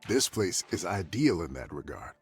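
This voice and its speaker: A man voicing a therapist character in a video game, calm, measured and formal. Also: sits low, breathy edge, no room sound, faint music behind, full character voice. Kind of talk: scripted video game dialogue.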